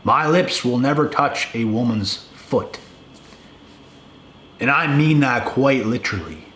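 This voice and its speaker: A man's voice: medium pitch, measured pace, fairly bright tone, a little hiss or hum. Profane young man ranting in an echoey room. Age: young adult. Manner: profane, emphatic, repeats himself. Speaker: video creator. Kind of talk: blunt casual rant to camera. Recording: echoey room with faint ambience.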